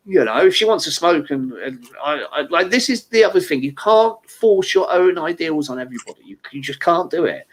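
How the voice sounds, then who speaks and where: A man chatting on a casual podcast panel, swearing freely and telling stories with lots of energy. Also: normal speed. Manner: swears freely, animated storytelling with lively pitch swings. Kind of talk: casual banter.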